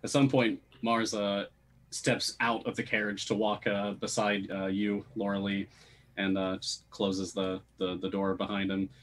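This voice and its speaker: A man narrating as game master of a tabletop game, lively, laughing often and filling pauses with "uh". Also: lowish voice, a little hiss or hum.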